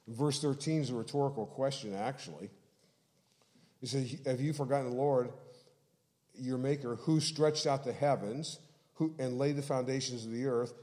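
A pastor preaches an expository sermon, explaining scripture in a measured manner and slowing down to stress key phrases. His voice is medium-pitched and a little mellow.

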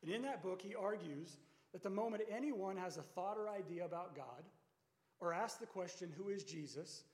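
A man's voice: high-pitched, expressive, moderate pace. A man preaching a sermon to his congregation in a conversational way, asking rhetorical questions. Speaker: pastor. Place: church sanctuary. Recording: echoey church sanctuary with long reverb.

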